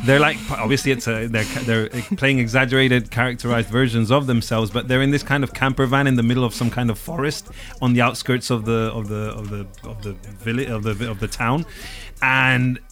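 A man's voice: medium pitch, fairly even intonation, a little fast, fairly bright tone. A man hosting a podcast, chatting casually about music in a wry, rambling way. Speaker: podcast host.

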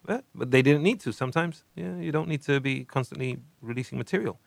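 An enthusiastic man rambles through a casual music chat, often restarting his sentences. His pitch sits at an ordinary middle height, and the sound is dry and close. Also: fast, gravelly, no echo. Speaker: podcast co-host.

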